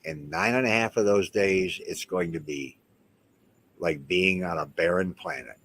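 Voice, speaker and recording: A man with a fairly low voice talks straight to the camera in a loose, rambling way. He leans hard on his points and keeps doubling back to restart his sentences. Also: measured pace, creaky, a bit bright, slight background noise. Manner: rambling and emphatic, with many restarts. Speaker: house owner and vlogger. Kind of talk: casual talk to camera.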